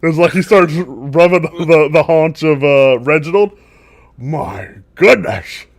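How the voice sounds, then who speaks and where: A man's voice: on the high side, steady tone, a little slow. Rambling man running a tabletop game. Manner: rambling, many fillers and laughs. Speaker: game master.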